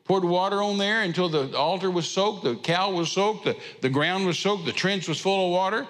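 Preacher guy, high bright voice, folksy storytelling, big echoey hall. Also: normal speed. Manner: folksy storytelling with drawled asides. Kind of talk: sermon.

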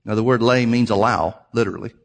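A man's voice: fairly low pitch, fast, vocal fry. A man preaching a sermon, reading scripture aloud and explaining it, emphatic and repeating key phrases for his listeners.

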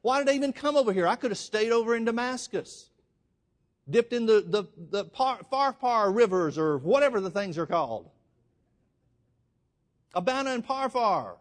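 A man's voice: high-pitched, expressive, normal speed, pauses often, voice pushed up. A man preaching voices a proud foreign general ranting in outrage. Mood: indignant.

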